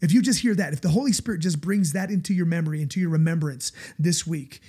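A man's voice: fairly high pitch, quick pace, mellow, slightly rough. A male pastor giving a conversational sermon, earnest and confessional, often turning to the listeners for agreement.

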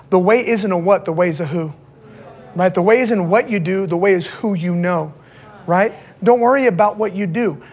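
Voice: medium pitch, fairly quick, darkish tone, husky. A pastor preaching to young people in a casual, slangy way, checking in with the audience again and again.

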